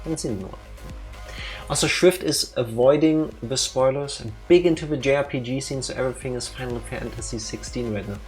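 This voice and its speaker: Faint music sits behind a woman with a very deep, darkish voice and a Danish accent as she co-hosts a let's play. She chats casually and fairly quickly, playful and teasing, with theatrical asides.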